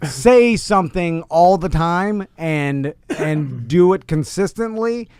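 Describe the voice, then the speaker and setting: A male podcast co-host chatting casually, telling a story in an animated way. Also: a little high, slow pace, clear, resonant tone, no echo. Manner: animated storytelling with many fillers and restarts. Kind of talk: casual chat.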